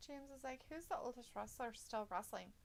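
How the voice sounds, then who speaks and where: A woman's voice: on the high side, animated, normal speed, gravelly. A woman co-hosting a live stream, chatting casually, reading viewer comments aloud and laughing often. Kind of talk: casual watch-along chat.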